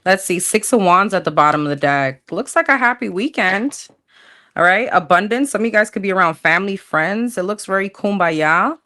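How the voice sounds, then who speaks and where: A woman's voice: mid-range voice, moderate pace, sharp tone. A woman casually chatting through a livestream tarot reading, slangy, thinking aloud as she pulls cards. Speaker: tarot reader.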